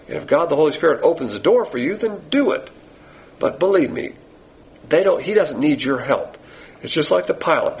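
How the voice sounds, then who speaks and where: Blunt gravelly male preacher. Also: a little high, rough recording. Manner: blunt, sarcastic, emphatic with slow stressed phrases. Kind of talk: sermon.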